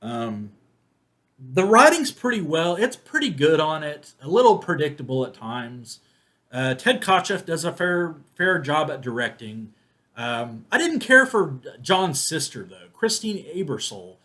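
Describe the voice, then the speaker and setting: A man's voice: fairly high pitch, big pitch swings, measured pace, bright, forceful tone. A man giving a casual, rambling spoken movie review, full of restarts and fillers. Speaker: film reviewer.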